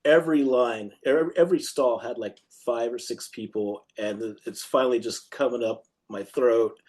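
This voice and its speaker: A man's voice: medium pitch, normal speed, a little mellow. Male punk musician guest, loose rambling storyteller who acts out quotes. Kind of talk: casual storytelling interview.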